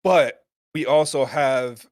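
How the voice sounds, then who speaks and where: A podcast co-host speaks earnestly about faith and supporting others, in a middle-pitched voice. His manner is sincere and slightly preachy. The recording is dry and close. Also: slow, a little mellow, no echo. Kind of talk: casual chat.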